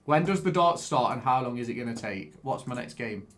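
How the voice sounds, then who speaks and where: Male streamer, mid-pitched, excitable and sweary, chatting to viewers while playing a game. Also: fairly quick. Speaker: live streamer. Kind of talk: casual live-stream commentary while gaming.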